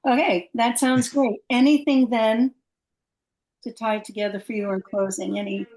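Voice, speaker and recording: A woman's voice: fairly high pitch, fairly even intonation, normal speed, darkish tone, poor audio. A woman co-hosting a casual interview who asks short, friendly questions. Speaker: podcast co-host.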